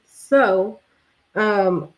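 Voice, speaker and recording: A woman vlogger telling a story in casual, slangy talk, animated and often breaking into laughter. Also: medium pitch, drawn-out words, low-quality recording.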